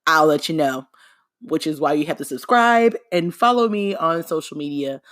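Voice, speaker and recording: A woman's voice: deep voice, expressive, normal speed, fairly bright tone, dry recording, studio quality. A woman hosting her own podcast, talking alone in a playful, sarcastic, chatty way. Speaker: podcast host. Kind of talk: casual solo podcast monologue.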